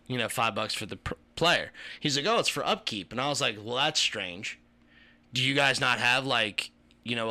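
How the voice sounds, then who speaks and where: A man with a very bright, forceful voice tells a story in a loose, rambling way and swears constantly. He is a podcast co-host from the Kentucky tri-state area, talking casually with friends. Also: medium pitch. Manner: profane, rambling, animated storyteller.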